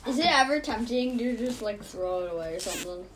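A woman's voice: on the high side, expressive, a little fast, slight background noise, poor audio. A woman co-hosting a podcast, chatting casually and teasing playfully. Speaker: podcast co-host. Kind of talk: casual chat.

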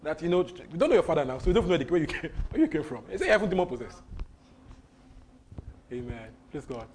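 A man's voice: on the high side, very animated, fast talker, darkish tone. Emphatic man teaching the Bible. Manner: emphatic, repeats key phrases, interrupts the reader. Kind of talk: commenting on a scripture reading.

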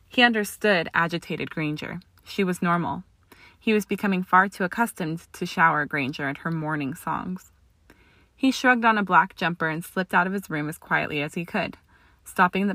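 A woman narrating a story aloud in a steady, expressive audiobook reading. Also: lowish voice, dry recording. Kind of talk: audiobook reading of fan fiction.

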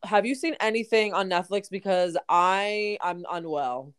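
A woman's voice: mid-range voice, measured pace, smooth, dry recording. Crude, chatty woman podcast co-host. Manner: crude, storytelling, lots of "like" and restarts. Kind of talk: casual chat.

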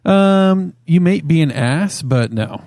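Male podcast co-host, fairly high voice, dry room, relaxed reflective banter. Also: slow, no room sound. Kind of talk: casual chat.

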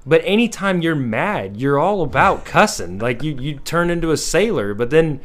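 A man's voice: on the high side, big pitch swings, moderate pace, fairly bright tone. A man in his thirties in casual podcast chat, blunt and venting, swearing freely.

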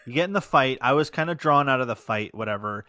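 A man in casual podcast talk who gives his views bluntly. His voice sits at a middle pitch and is recorded very dry, with no room sound. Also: lively intonation, fast, bright, forceful tone, dry recording. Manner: blunt, opinionated. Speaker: podcast co-host. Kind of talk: casual chat.

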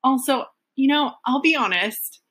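A woman's voice: high voice, measured pace, fairly bright tone, husky. A woman in her thirties co-hosting a podcast, telling stories in easygoing casual chat. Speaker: podcast co-host.

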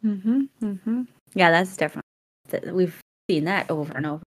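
Lower-voiced woman, animated storyteller. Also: fairly quick. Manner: animated storyteller who acts out quotes. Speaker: podcast co-host. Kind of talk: casual chat.

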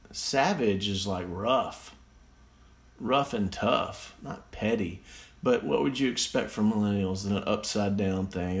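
A man reading out slang definitions and mocking them in a casual, sarcastic way, recorded on a phone. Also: lowish voice. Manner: sarcastic, mocking, easily amused. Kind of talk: casual solo commentary.

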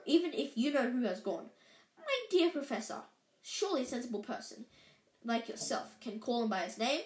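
Dumbledore: a woman reading as a gentle old wizard. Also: sits high. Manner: gentle, unhurried. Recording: roomy echo.

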